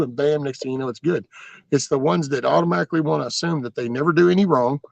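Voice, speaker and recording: A man's voice: a little high, quick pace, gravelly, darkish tone, dry recording. A man hosting a livestream, rambling through folksy stories with mild cursing as he answers viewer comments. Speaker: livestream host.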